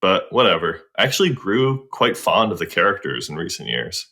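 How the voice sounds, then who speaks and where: A man's voice: low-pitched, very animated, moderate pace, bright, forceful tone. A man co-hosting a podcast in casual comedic chat, talking in a slangy, laid-back way. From United States. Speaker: podcast co-host.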